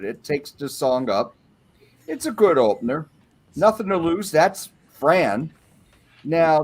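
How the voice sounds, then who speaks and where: A man on a panel, going through an album track by track and giving his opinions in a casual way. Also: fairly high pitch.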